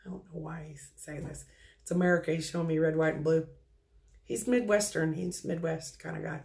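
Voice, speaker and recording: A woman psychic medium relaying spirit messages off the cuff, halting and full of ums. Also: low voice, fairly even intonation, creaky, darkish tone.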